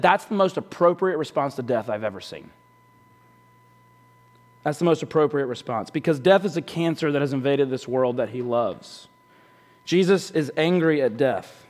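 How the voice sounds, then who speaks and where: A man delivers a sermon in a relaxed, conversational way and often sinks to a hushed tone for emphasis. His voice sits high for a man. The room carries a long, ringing reverb, like a large church hall. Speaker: pastor.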